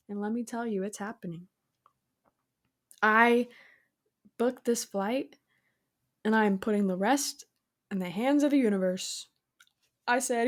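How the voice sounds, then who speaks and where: A woman's voice: on the high side, unhurried, pauses often. A young adult woman hosting a solo podcast, talking casually and upbeat about spirituality and surrender, acting out imagined conversations. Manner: upbeat, spiritual, talks through imagined dialogues. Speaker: podcast host.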